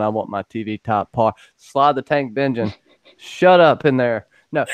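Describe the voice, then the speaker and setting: A man hosts a casual livestream chat, lively and joking as he shouts out viewers by name. His voice is dry and close, with no room around it. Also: mid-range voice, moderate pace, smooth, no room sound, muffled recording. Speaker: podcast host greeting chat.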